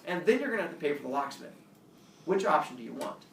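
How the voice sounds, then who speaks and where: A man's voice: a little high, very animated, quick pace, creaky, a bit bright, slight background noise, exaggerated voice. A man voicing a stern male police officer who lays out options patiently, step by step, in an echoey room far from the mic. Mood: stern, matter-of-fact.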